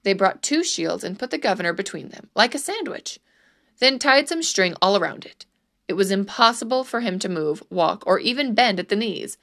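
A woman reading a storybook aloud in a measured, expressive way. Her voice sits at an ordinary middle pitch. Her narration is steady and clear.

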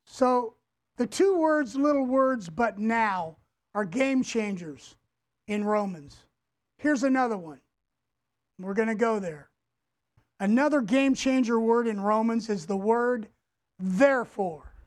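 High-voiced, slow-preaching male pastor. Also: lively intonation. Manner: emphatic, repeats key words and has the church say them back; addresses the congregation directly. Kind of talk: sermon.

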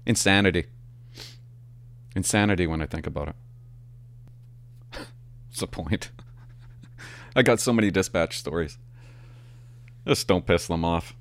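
A man, a former police officer telling stories in a casual, animated and profane way. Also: low-pitched. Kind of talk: casual storytelling to camera.

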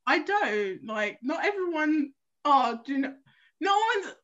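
A young woman from South East London, co-hosting a podcast in casual, lively chat. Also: sits high, a little slow. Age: young adult. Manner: chatty, animated storyteller with frequent laughs. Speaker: podcast co-host. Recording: dull lo-fi recording.

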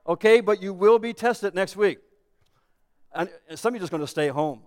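A man's voice: high voice, brisk. A man preaching a sermon as pastor, earnest and building to emphatic declarations. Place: church sanctuary. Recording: echoey church hall.

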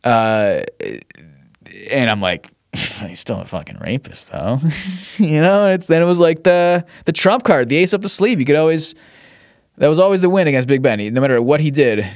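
A man's voice: on the high side, expressive, normal speed, no room sound, clean studio sound. Rambling, profane man on a podcast. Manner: rambling, profane, stops and restarts sentences; chuckles often between thoughts. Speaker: podcast host. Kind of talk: casual solo monologue.

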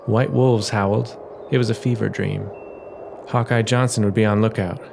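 A man's voice: lowish voice, steady tone, vocal fry, background noise. Man narrating an audio adventure story. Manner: measured, dramatic reading. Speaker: storyteller and writer. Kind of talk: scripted audio drama narration.

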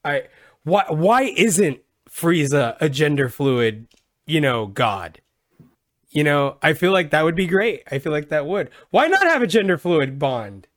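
A man hosting a podcast, joking and swearing in loose, animated banter. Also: a little high, a little slow, no echo, clean studio sound. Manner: animated, profane, jokey. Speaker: podcast host. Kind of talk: casual podcast chat.

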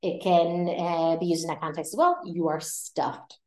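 Relaxed, low-pitched woman teaching vocabulary. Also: normal speed, echoey room. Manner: relaxed, explains with many fillers and restarts. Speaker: Spanish teacher and podcast host. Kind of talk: casual explanatory lesson.

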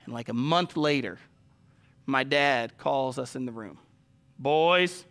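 A man's voice: medium pitch, measured pace, fairly bright tone. A man preaching a sermon, telling stories and addressing the congregation directly. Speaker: pastor.

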